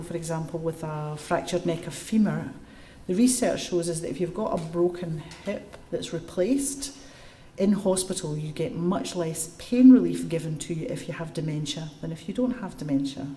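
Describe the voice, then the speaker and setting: A woman with a fairly low voice talks at a normal speed over a faint hiss or hum. She is giving a public lecture to a live audience, answering questions, telling lively stories and explaining things step by step. The room sounds echoey.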